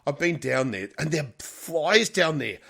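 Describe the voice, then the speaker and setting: Gravelly man in casual podcast chat. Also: fairly high pitch, lively intonation, a bit bright. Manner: swears freely, halting with fillers and restarts. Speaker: podcast co-host.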